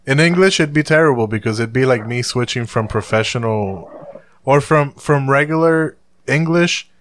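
A man's voice: medium pitch, moderate pace, no room sound. A man from Puerto Rico in casual chat, loose and profane. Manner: loose, swearing, laughs often.

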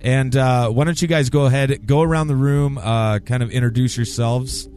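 A man's voice: mid-range voice, steady tone, moderate pace, a little mellow, soft background music. A man hosting a paranormal podcast in casual, joking chat, swearing freely and laughing often. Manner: joking, profane, laughs easily. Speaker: podcast host.

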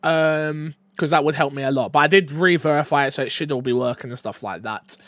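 A man hosting a casual gaming podcast, joking and animated, dropping from loud bursts to mumbled asides. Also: fairly high pitch, fairly quick, no room sound. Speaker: podcast host.

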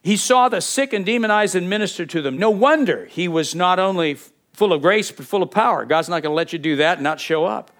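A man with a fairly high voice preaches a sermon. He talks to the congregation in a conversational way, putting questions to them and often repeating words as he thinks aloud. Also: animated, a little fast, a bit bright. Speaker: pastor.

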